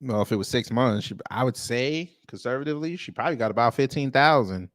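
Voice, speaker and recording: A man riffs through casual reaction commentary at a middle pitch, blunt and exclaiming. He leans on repeated phrases for emphasis. The sound is dry and close, with no room around it. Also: fast, no room sound. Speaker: host commenting on a court hearing.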